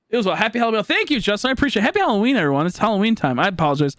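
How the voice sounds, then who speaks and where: Male streamer, high voice, dry close mic, rambling casual storytelling with excited jumps in pitch. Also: very fast, few pauses, no room sound. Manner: rambling, animated, voice jumps high in retold dialogue.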